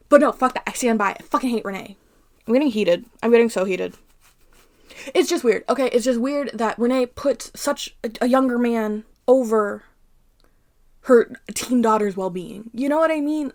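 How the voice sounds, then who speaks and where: A young woman from Arizona talks through a novel in a casual commentary, her slightly high voice turning heated and animated as she rants. She swears freely and talks like a host chatting to her regular viewers. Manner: animated, profane, heated ranting. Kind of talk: casual rant-style book commentary.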